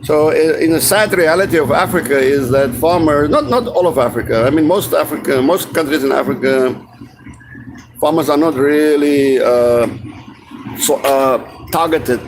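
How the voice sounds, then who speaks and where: A man with a somewhat higher voice talks in a loose, meandering vlog monologue. He swears casually and trips over restarts as he goes. Vehicle noise is clearly heard behind his voice. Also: normal speed. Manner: meandering, profane, many restarts. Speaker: vlogger.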